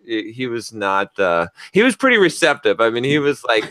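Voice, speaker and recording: Male podcast host, lively swearing storyteller, bright forceful tone, dry close sound. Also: mid-range voice, normal speed, smooth, dry recording. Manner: animated, profane, acts out quoted dialogue. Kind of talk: casual storytelling chat.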